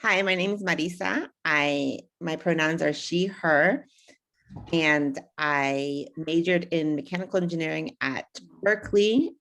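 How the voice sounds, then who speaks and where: A woman introducing herself as a panelist over a video call, listing her career in a steady way. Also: low-pitched, vocal fry.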